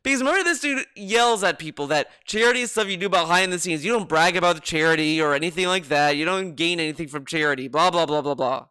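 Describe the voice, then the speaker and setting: A man's voice: fairly high pitch, quick pace, hardly any pauses, pushed and bright, clean tone, dry recording, clean studio sound. A man giving casual, sarcastic reaction commentary, rambling and repeating himself as he argues. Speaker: streamer reacting to a video.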